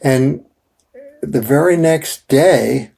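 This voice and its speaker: An older man tells his story as an interview guest, circling back and restarting his sentences. His voice is dark and mellow with a husky, gravelly texture. He speaks at a slow, deliberate pace. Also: a little high. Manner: halting, many restarts and fillers. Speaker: guest telling his near-death story.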